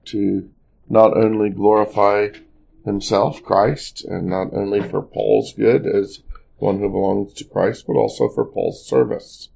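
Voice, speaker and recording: Guy doing family worship devotional, super gravelly, dark mellow voice, reads then chats with lots of uhs. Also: on the low side, level tone, measured pace, low-quality recording. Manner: reads scripture with rising emphasis, then talks loosely with many fillers. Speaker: pastor.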